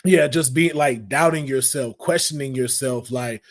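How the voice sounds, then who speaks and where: Male podcast host, mid-pitched, slangy and lively, acts out quotes as he talks. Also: moderate pace. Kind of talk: casual podcast chat.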